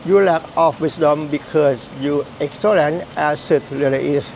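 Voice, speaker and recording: Man, Buddhist teacher, high-pitched, gravelly, repeats himself, halting. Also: darkish tone, slight background noise, rough recording. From Thailand. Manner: repetitive, halting, emphatic phrasing. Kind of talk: dharma teaching.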